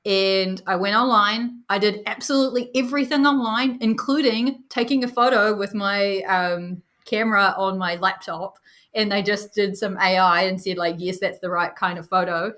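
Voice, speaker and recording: A woman's voice: medium pitch, steady tone, moderate pace, a bit bright. Chatty New woman guest. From New Zealand. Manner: chatty, laughing, with many fillers. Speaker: guest, developer experience lead. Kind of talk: casual interview chat.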